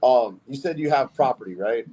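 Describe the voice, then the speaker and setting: A man's voice: medium pitch, animated, a little fast, warm tone, breathy edge, rough recording. A man on a live call-in show, pressing the same question again and again. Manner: persistent, repeats himself, presses for answers. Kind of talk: heated live call-in debate.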